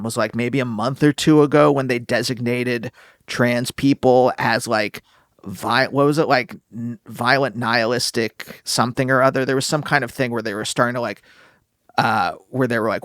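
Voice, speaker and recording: A man hosting a casual podcast interview, short on sleep, speaking haltingly as he searches for his words. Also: mid-range voice, steady tone, no echo, clean studio sound. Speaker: podcast host.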